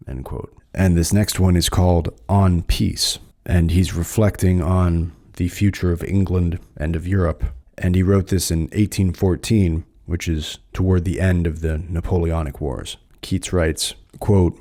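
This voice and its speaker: An American man hosting a podcast, explaining poems and then reading them aloud in a measured way, slowing down for the verse. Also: sits low, flat delivery, dark tone. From United States. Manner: measured, slows down to recite verse. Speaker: podcast host. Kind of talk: reading poetry aloud and commenting.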